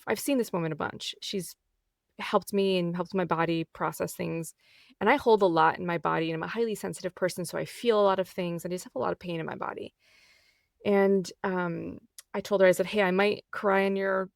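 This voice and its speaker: A woman's voice: mid-range voice, vocal fry, no room sound, clean studio sound. A woman in her thirties hosting a solo podcast, telling a personal story in a candid, emotional, chatty way. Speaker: podcast host.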